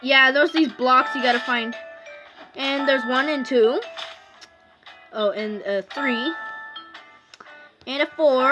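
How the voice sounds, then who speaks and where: A woman's voice: sits high, slow, pauses often, loud music behind the voice. A woman giving casual, rambling commentary while playing a phone game, with many fillers and restarts. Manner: rambling, chatty, self-interrupting with fillers. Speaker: gaming YouTuber. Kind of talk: casual let's-play commentary. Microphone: phone screen recording.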